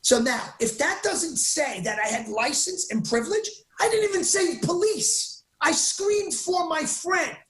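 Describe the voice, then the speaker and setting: Excitable man talking fast, roomy sound. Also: very high voice. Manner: excitable, rapid, emphatic, self-interrupting. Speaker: guest. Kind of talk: animated storytelling interview.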